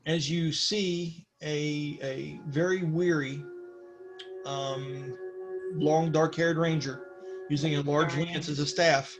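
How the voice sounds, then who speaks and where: A man narrating a tabletop game as game master in a relaxed, rambling way, with many fillers. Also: on the high side, takes it slowly, soft background music.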